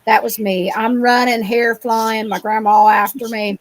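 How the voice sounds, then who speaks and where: A woman's voice: fairly high pitch, level tone, a little slow, no room sound, low-quality recording. A woman from Ohio, a guest in an interview, retelling her experiences in a rambling, vivid way full of fillers over a remote call microphone. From Ohio, USA. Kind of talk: casual storytelling interview.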